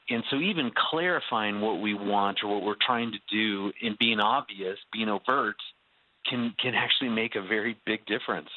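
A man's voice: mid-range voice, moderate pace. A man talking earnestly about his marriage, often restarting his sentences. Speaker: marriage guest. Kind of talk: casual radio talk. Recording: phone-like narrow sound.

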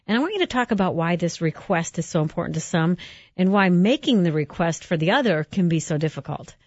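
A woman host with a somewhat low voice responds in an affirming, reflective way and steers the conversation. The sound is dry and close, a bit dull and lo-fi. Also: lively intonation, brisk, darkish tone, no echo. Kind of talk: radio-style interview hosting.

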